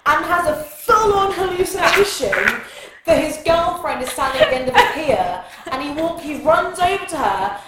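A young woman co-hosting a podcast, chatting casually about a film with sarcastic, animated asides. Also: extremely high pitch, moderate pace, very echoey, very noisy. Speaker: podcast co-host. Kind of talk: casual film review chat.

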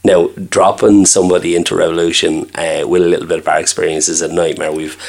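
Deep-voiced Irish chef telling stories. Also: male voice, level tone, quick pace, creaky, a little mellow. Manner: chatty storyteller, acts out quoted dialogue. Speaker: restaurant owner and chef. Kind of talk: casual interview chat.

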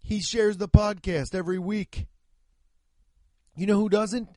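A man hosts his own podcast, swearing freely and rambling from one rant to the next. His voice sits a little high for a man and sounds dry and close to the mic. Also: moderate pace, darkish tone, dry recording. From United States. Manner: profane, rambling, ranting. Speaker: podcast host. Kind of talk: solo comedic podcast rant.

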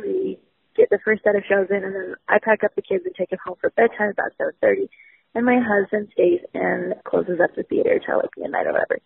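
A woman in her thirties leaves a rambling, frantic voicemail story. Her voice is a little high and breathy. It comes through a tinny, dry phone line. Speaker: voicemail caller.

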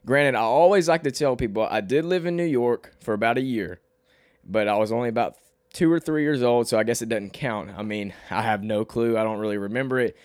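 Young southern guy w a slight twang, mid pitch, just rambling solo on his podcast, kinda self-deprecating. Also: fairly quick, dry recording, clean studio sound. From Arkansas, US. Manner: rambling, self-deprecating, restarts often, rises in pitch when animated. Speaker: podcast host and rapper.

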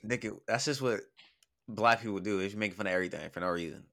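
A man's voice: on the low side, quick pace, creaky, a bit bright. A young man chatting casually as a podcast co-host, blunt and teasing, with lots of profanity. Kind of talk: casual chat.

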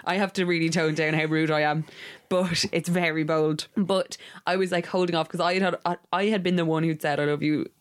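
A woman co-hosting a podcast, telling stories in a casual, animated way and swearing freely. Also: low voice, brisk. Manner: animated storytelling, swears freely, acts out her inner voice. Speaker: podcast co-host. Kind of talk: casual chat.

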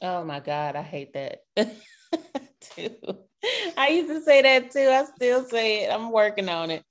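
A woman hosting a podcast, chatting in a relaxed, casual way. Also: fairly high pitch, a little slow. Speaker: podcast host.

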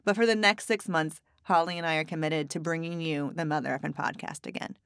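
A woman's voice: sits low, fairly even intonation, a little fast, fairly bright tone, clear, resonant tone, no room sound, studio quality. A woman hosting a casual podcast, chatty and playful, joking and laughing easily with her co-host.

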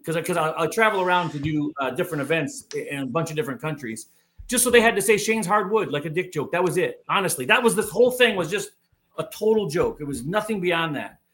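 A man's voice: fairly high pitch, lively intonation, fast talker, a bit bright. A man guest on a podcast, telling a story casually and animatedly, full of filler words and acted-out quotes.

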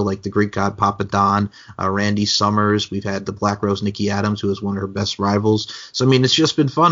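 A man's voice: on the low side, highs cut off. A man from Long Island, chatting energetically as a podcast guest. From Long Island, New York. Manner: energetic, talkative, with bursts of promo bravado. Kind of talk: casual interview chat.

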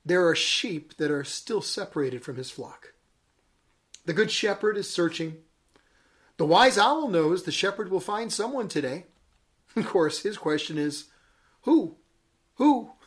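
A man, a bishop, giving a daily devotional message, telling a story with dramatic emphasis and chuckling at his own jokes. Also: on the high side.

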